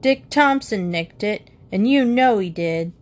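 A woman's voice: mid-range voice, lively intonation, unhurried, close to an everyday voice. A woman voicing an eight-year-old boy who groans melodramatically to fake being sick. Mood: argumentative.

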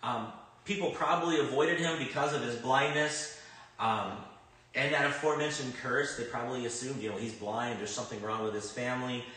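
A man preaching a sermon in a conversational way, swinging between loud emphatic bursts and quiet reflective stretches. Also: medium pitch, fairly even intonation, brisk, far from the mic. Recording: very echoey room, speaker off-mic.

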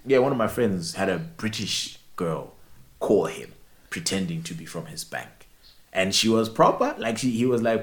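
Deep-voiced guy telling stories. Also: moderate pace. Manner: animated storyteller, laughs often, many restarts. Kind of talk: casual chat.

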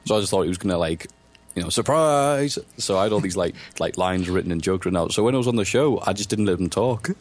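Fast-talking man, deep voice. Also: a little mellow, no room sound. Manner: rambling storyteller, acts out quoted voices. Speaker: guest. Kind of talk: casual podcast chat.

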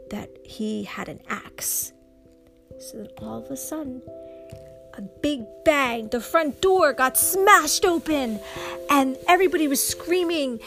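A woman with a slightly high voice tells an improvised children's story at an unhurried pace. She is expressive and acts out booms and gasps as she goes. Clear music plays behind her throughout. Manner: slow and expressive, with sound effects and gasps.

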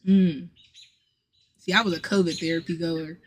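A woman hosting a casual podcast chat, talking in an animated way, laughing often and acting out what others said. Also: on the low side, normal speed. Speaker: podcast host.

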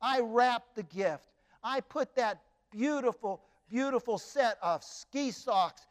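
A man's voice: very high voice, slow pace, in a large hall. A man speaking the thoughts of an older grandmother, anxious and self-reproaching. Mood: smug. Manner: anxious inner monologue.

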